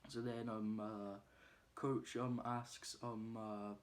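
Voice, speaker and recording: A man's voice: on the low side, level tone, slow. A man casually retelling a film plot, hesitating often with ums and uhs. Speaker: movie reviewer.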